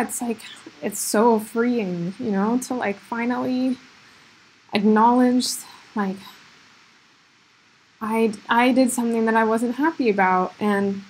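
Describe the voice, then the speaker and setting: A woman's voice: a little high, husky. A woman host talking alone on her podcast in an earnest, self-reflective way, with lots of "like" and "you know" fillers. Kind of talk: solo reflective podcast monologue.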